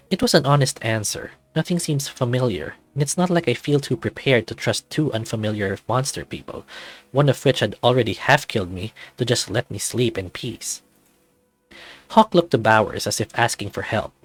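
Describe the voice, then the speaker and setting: A man narrating a story in the first person in a measured, expressive way. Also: on the low side, no room sound, faint music behind.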